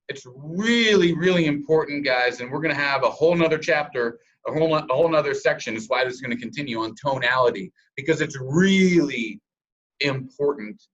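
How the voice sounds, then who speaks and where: A man's voice: a little high, a bit bright, rough recording. A man giving a sales training presentation over a call, coaching listeners and acting out example scripts in different tones.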